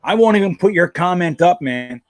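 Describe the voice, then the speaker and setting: A man chats casually about football on his live stream, rambling and joking with lots of profanity. His high voice is expressive at normal speed, and the recording is dry.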